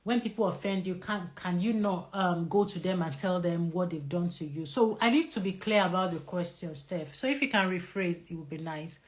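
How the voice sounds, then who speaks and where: A woman doctor with a Nigerian English accent giving a lively live talk on stress and answering viewer questions. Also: lowish voice, normal speed, few pauses.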